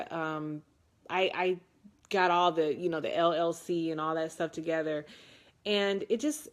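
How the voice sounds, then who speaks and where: A woman in her forties from Detroit, chatting casually as she answers viewer comments, rambling with lots of ums and playful self-mockery. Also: lowish voice. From Detroit, USA. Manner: unhurried and rambling, with frequent ums and restarts. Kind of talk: casual live chat reading comments.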